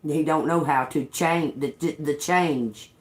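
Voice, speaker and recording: A woman in her fifties hosts a livestream from an echoey room, speaking in a deep voice a little slowly. She rambles through a story, laughing often and swearing casually.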